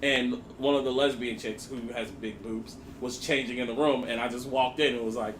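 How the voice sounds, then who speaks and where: A man's voice: mid-range voice, steady tone, normal speed, distant mic. A man in casual chat, sheepish and laughing at himself while recalling a night out. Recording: echoey room with noisy ambience.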